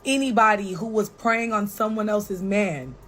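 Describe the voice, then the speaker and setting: A young woman guest on a talk show tells a personal story in a casual way, blunt, animated and full of swearing. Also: mid-range voice, moderate pace, low-quality recording. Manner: blunt, profane and animated, with frequent "like" and "right?".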